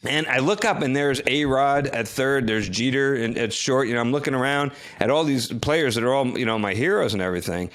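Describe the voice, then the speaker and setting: Man, middle-aged, from New Jersey, podcast co-host, casual storytelling, lively, many restarts, average pitch. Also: brisk, few pauses. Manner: animated storyteller who acts out quoted lines, with frequent restarts.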